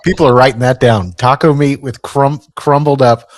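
A man co-hosts morning radio from the studio, chatting and spinning little stories with an amused tone. His voice sits at a middling pitch, and the room sounds dry and close. He talks easily with his co-hosts. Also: fairly even intonation, moderate pace, no echo. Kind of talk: casual morning show banter.

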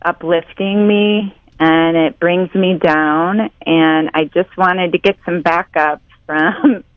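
A woman talking on a radio show, slow and deliberate, laughing between her words. Her voice is close and dry, with no room around it. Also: on the low side, fairly even intonation, no echo, narrow, tinny audio. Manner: laughing often, gently insistent. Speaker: caller's partner on a radio prank segment. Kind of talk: on-air phone conversation.

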